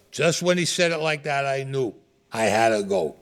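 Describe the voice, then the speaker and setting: An older man being interviewed tells a story casually, his medium-pitched voice animated at a moderate pace. He's blunt and streetwise, swearing freely.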